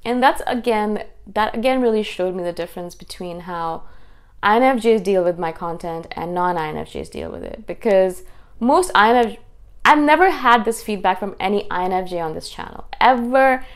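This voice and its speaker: Fast-talking intense woman vlogger. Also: mid-range voice. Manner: fast, intense, animated delivery. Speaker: YouTube host. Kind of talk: casual talking-head monologue.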